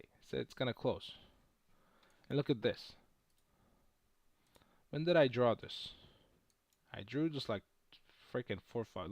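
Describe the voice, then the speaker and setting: Man, casual livestream chat, boastful, cursing, lively pitch, dry sound. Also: dry recording. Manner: brash and boastful, swears freely. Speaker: livestream host trading stocks. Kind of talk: casual live-stream chat.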